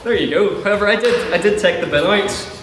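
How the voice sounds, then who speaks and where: A young adult man runs a student debating society session, handling questions with jokey puns at his own expense. His voice sits high, fairly quick and fairly bright. The sound comes from far off in a large, echoey lecture hall with an audience and is noisy.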